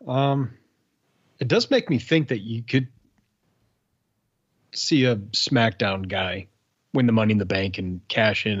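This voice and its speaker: A man co-hosting a casual podcast, speaking in a measured, hesitant way. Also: lowish voice, a bit bright, husky, no room sound, highs cut off. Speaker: podcast co-host. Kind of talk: casual wrestling podcast chat.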